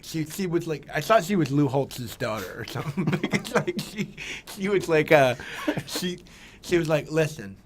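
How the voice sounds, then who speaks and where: A young man telling a comedic story on a podcast, animated and profane, acting out voices. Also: medium pitch, slight background noise. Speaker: podcast guest.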